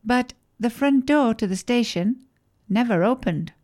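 A woman narrating a children's story in a gentle, clear and deliberate way. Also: a little high, animated.

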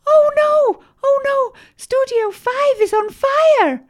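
A woman voicing a frantic young secretary in a children's story, using a high, wailing voice. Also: slow pace. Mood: panicked.

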